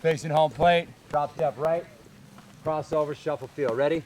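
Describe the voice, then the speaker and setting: A man coaching baseball infielders on a field, calling out short, energetic drill cues and explaining technique. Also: a little high, moderate pace, a little hiss or hum.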